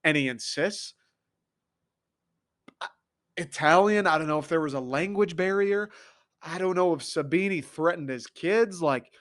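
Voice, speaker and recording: An American man hosts a podcast solo, talking in an excitable, swearing, animated rant. His voice sits somewhat high for a man, and his energy jumps around as he gets worked up. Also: measured pace, pauses often. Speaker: podcast host.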